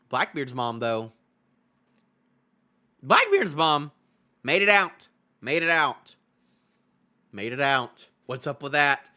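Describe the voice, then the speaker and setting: A young man reacts live on a stream, laughing often and repeating himself. His voice is high and lively, and the swings in pitch are wide. The tone is bright and sharp. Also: takes it slowly, long pauses. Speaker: manga review streamer. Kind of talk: live casual reaction chat.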